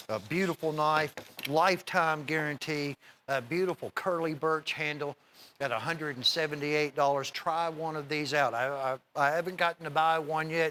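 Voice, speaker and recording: A middle-aged man hosting a TV shopping show, giving a folksy, rambling sales pitch straight to viewers. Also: pushed and bright, a little hiss or hum. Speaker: TV shopping host.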